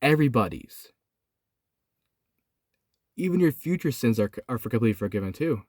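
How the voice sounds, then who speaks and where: A young man recording in his van, casually retelling a Bible story, swinging from excited to hushed and solemn. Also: medium pitch, normal speed, no echo, studio quality. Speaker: host. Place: inside a van.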